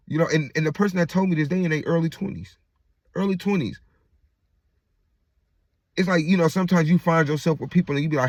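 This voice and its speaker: A man's voice: fairly high pitch, fast talker, long pauses, dry recording. A man venting in a casual monologue, rambling and profane, repeating himself and restarting often, and checking in with "right?" after almost every point. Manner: rambling and profane, with constant "right?" and "you get what I'm saying?" check-ins.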